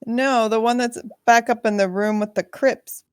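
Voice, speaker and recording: A woman's voice: a little high, steady tone, moderate pace, slight background noise. A woman playing in a tabletop game, thinking aloud about the next move in a casual way. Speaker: player.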